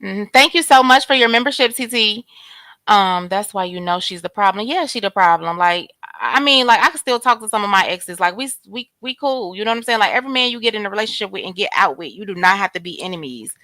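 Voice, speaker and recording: A woman's voice: mid-range voice, animated, fast, sharp tone. A woman hosting a casual live commentary chat, blunt and slangy, talking straight to her viewers. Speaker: host.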